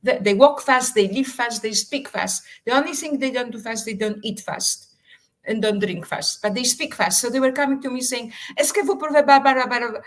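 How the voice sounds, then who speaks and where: A woman's voice: a little high, normal speed, poor audio. Theatrical woman telling a story. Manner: dramatic storyteller, emphatic and theatrical; slightly non-native English phrasing. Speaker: author and actress, guest. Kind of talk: animated anecdote in a live interview.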